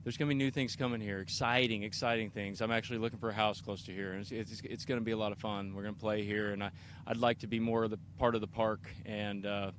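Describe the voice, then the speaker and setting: Enthusiastic lower-voiced racer from Kansas. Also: male voice, flat delivery, fast talker, a little hiss or hum. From Kansas, USA. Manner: enthusiastic, rambling, many restarts. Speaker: off-road racer being interviewed. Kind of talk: casual interview answers. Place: outdoors at an off-road race park.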